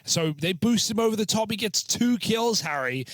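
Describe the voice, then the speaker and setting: A man's voice: sits high, animated, moderate pace, fairly bright tone, dry recording. A man giving live esports color commentary, breaking down tactics in an explanatory way.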